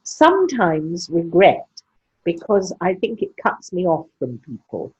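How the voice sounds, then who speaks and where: A woman's voice: on the low side, wildly swooping pitch, measured pace, a little mellow, slightly rough. An older woman with a posh English accent and very precise diction, speaking frankly in an interview. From England. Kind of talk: conversational interview. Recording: muffled lo-fi sound.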